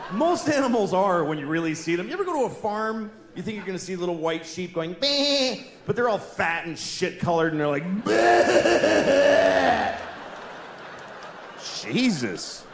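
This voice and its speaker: Man doing blunt, profane stand-up. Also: sits high. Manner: blunt, profane deadpan observations. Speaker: stand-up comedian. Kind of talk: stand-up comedy set. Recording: echoey live room with audience noise. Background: audience laughter.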